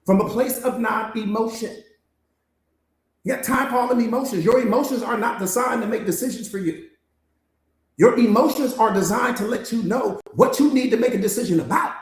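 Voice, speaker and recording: Male motivational coach preaching hard, repeats himself a lot, high-ish voice, echoey room. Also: brisk. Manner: emphatic, repetitive, preaching. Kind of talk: motivational master class talk. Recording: roomy echo.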